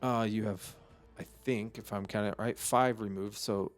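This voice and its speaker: A man giving an unscripted vocabulary lesson, slow and halting, thinking aloud with many fillers. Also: lowish voice, steady tone, soft background music. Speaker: Hebrew vocabulary teacher.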